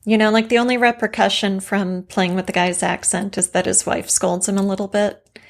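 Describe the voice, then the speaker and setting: A woman's voice: medium pitch, little pitch movement, fairly quick, vocal fry. A woman co-hosting a writing podcast, talking casually and thoughtfully about story craft. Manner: conversational, reflective, warm affirmations.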